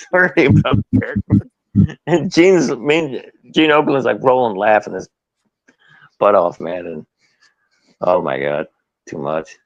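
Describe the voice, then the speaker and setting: A man guest telling stories in an interview, animated and laughing often. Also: mid-range voice, normal speed, pauses often, dry recording, rough recording. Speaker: guest, former wrestler. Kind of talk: storytelling interview.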